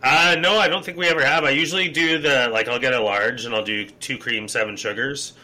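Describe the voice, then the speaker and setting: A man chatting casually on a podcast, telling animated stories and slipping into put-on voices. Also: medium pitch, fairly quick, low-quality recording. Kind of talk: casual chat.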